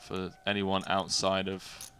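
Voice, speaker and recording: Very deep-voiced male poker commentator. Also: monotone, takes it slowly, sharp tone, a little hiss or hum. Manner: playful, banters with viewers. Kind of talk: casual live commentary.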